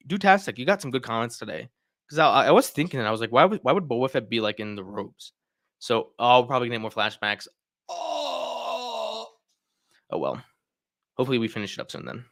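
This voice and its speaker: A man's voice: medium pitch, fairly bright tone, no echo, clean studio sound. A man hosting a casual livestream, chatting and reacting to viewer comments. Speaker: livestream host.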